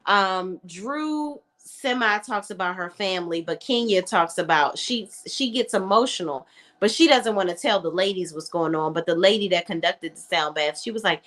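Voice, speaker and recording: A woman's voice: lowish voice, animated, moderate pace, a bit bright. A woman reviewing a reality show in a casual, blunt, opinionated chat.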